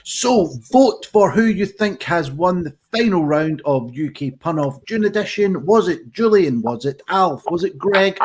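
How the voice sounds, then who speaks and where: A man's voice: sits high, expressive, measured pace, hardly any pauses, slightly rough. A man hosting an online pun contest with cheery, upbeat banter. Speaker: host.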